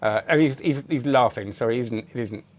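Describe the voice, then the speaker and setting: With a mid-range voice and a slightly fast delivery, a middle-aged British man hosts a magic review channel. He rambles through casual live-stream chat in British English, calling out viewers by name.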